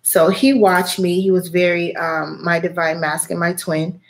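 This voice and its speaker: A woman tells a personal story straight to her camera in a loose, chatty way. She swears freely and leans on fillers as she goes. Her voice sits a little low. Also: steady tone, moderate pace. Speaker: spiritual reading channel host. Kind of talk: casual storytelling vlog.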